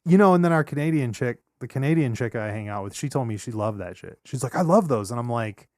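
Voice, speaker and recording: A podcast co-host with a mid-range voice talks fast in casual chat, swearing often and telling animated stories broken up by sudden incredulous outbursts. The recording is dry and studio quality.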